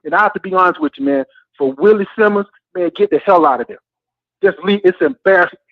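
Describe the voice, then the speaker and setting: A frustrated male caller vents down a tinny phone line, his voice set high and gravelly. He talks passionately and keeps repeating "man". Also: sing-song, fast, no room sound. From Florida A&M alumnus. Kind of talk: heated call-in rant.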